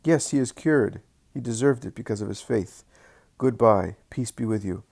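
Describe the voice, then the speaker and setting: A man's voice: on the low side, moderate pace, creaky, darkish tone, husky. A man voicing a humble, devoted male beggar who eagerly tells how he helps a sick friend. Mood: joyful. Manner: earnest, eager storytelling.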